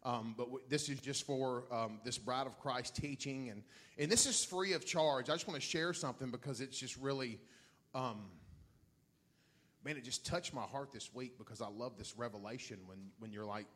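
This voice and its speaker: A middle-aged man, a pastor telling a story to his church in an excitable way, laughing and swinging from quiet asides to loud shouts. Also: mid-range voice, moderate pace.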